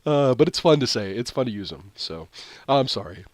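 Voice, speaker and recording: A man's voice: medium pitch, sing-song, normal speed, no room sound. A young American man hosting a daily news show, reading headlines and tossing in offhand, jokey asides. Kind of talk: casual news reading with commentary.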